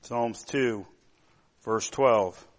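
A middle-aged man preaching a sermon, telling stories in a rambling way with many fillers and growing loud and animated when he gets worked up. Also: mid-range voice, drawn-out words. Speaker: pastor.

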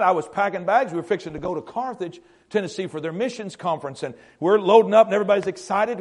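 High-voiced pastor preaching. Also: male voice. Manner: earnest storytelling, halting repeats, drops to a hushed tone. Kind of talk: sermon.

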